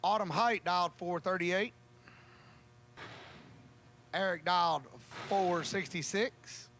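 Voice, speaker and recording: High bright-voiced drag race announcer. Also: male voice, slight background noise. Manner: joking, folksy, drawn-out calls. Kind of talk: drag racing commentary.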